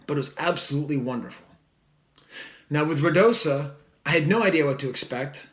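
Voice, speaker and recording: A man's voice: fairly high pitch, brisk, reverberant. A man giving a casual, rambling record review, full of fillers and enthusiastic asides. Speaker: music reviewer.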